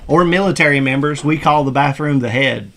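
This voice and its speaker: A man's voice: fairly high pitch, brisk, fairly bright tone, slight background noise. A man co-hosting a casual stream, crude and wisecracking. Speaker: stream co-host. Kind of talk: casual chat.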